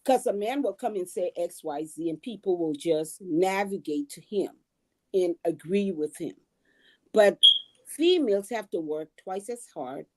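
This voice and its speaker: A woman from Liberia giving her view on a panel, calm and measured. Her voice is lowish and warm. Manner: measured, explanatory. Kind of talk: livestream panel discussion.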